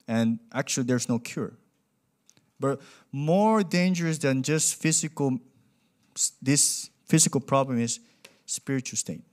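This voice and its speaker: Lively young male preacher. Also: medium pitch. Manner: animated, acts out quoted voices, non-native grammar. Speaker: pastor. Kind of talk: sermon with storytelling.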